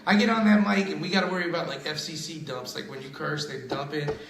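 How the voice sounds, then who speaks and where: A man's voice: a little high, quick pace, vocal fry, a bit bright, roomy sound, a little hiss or hum, poor audio. A man who is a comedian and radio host, telling crude stories in casual chat and laughing often. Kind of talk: casual podcast chat, storytelling.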